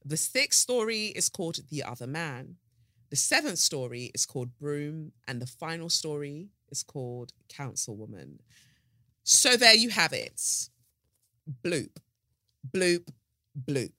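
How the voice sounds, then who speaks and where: A woman's voice: deep voice, a little slow, no echo. Woman podcast host, casual monologue, playful, dry close sound. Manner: animated, playful, swears freely.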